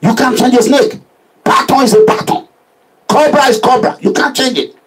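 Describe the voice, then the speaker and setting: A man with a Nigerian accent giving an impassioned social media address as a political activist, animated and preachy, full of proverbs. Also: very high-pitched, normal speed, very noisy.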